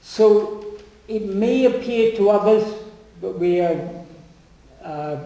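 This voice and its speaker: A man speaking on spiritual teachings and answering audience questions, often pausing and repeating words as he thinks. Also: high voice, dark tone. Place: meeting room. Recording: echoey hall, far from the mic.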